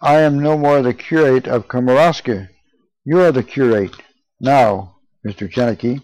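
A man voicing a gruff, indignant, infirm old male priest in an audiobook reading. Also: mid-range voice, normal speed, darkish tone, no echo, lightly acted, low-quality recording. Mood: angry.

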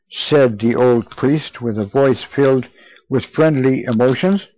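A man narrating a first-person memoir as an audiobook, earnest and measured. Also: mid-range voice, warm tone, no room sound, rough recording.

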